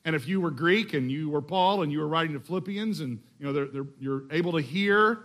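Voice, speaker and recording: Middle-aged man from Texas, slightly high voice, casual sermon delivery with deliberate scripture reading. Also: fairly bright tone. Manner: conversational, restarts phrases, slows to read scripture. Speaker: pastor.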